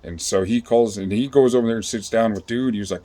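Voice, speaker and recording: A man's voice: on the low side, quick pace, mellow. A man casually telling his own story on a vlog, rambling and swearing, with many fillers and restarts.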